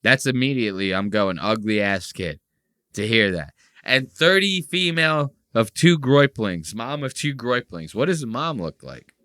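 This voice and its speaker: A man hosting a podcast, chatting in a loose, crude and mocking way. His voice is bright and crisp. The sound is close and dry. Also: mid-range voice, expressive, normal speed, no echo. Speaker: podcast host. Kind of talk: casual podcast chat.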